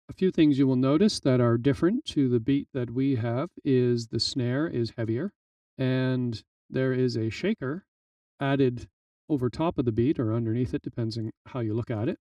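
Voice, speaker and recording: Mellow-voiced man explaining at a distance. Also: medium pitch, normal speed, no echo. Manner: relaxed explanatory, frequent fillers. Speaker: music tutorial instructor. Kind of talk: screen-recorded software tutorial.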